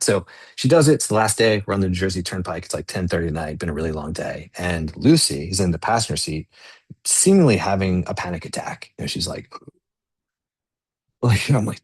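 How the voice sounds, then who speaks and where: Husky-voiced man telling stories. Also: low-pitched, fairly quick, dry recording. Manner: animated, acts out quoted dialogue. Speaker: guest entrepreneur. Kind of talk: conversational storytelling.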